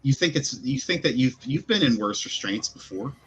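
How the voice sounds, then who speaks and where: Man, game master, rambling narration, bright tense tone, faint music behind. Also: mid-range voice, lively intonation, normal speed, slightly rough. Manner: loose, rambling descriptions full of fillers.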